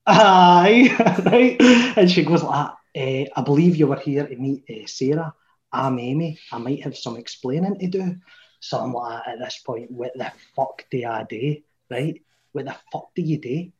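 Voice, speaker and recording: A man from Glasgow in his thirties, Scottish accent clear, tells a story among friends with lively intonation and no hurry. He chats, swears, and lowers his voice to a mutter for inner thoughts. The room echoes and the sound is muffled.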